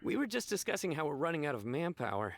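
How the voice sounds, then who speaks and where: A weary, friendly guard. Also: male voice, on the high side, very animated, fast talker, slight background noise. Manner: sighing, friendly.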